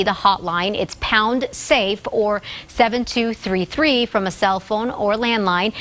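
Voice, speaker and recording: A woman news anchor reading local morning headlines in a steady, clear newsreader delivery. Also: medium pitch.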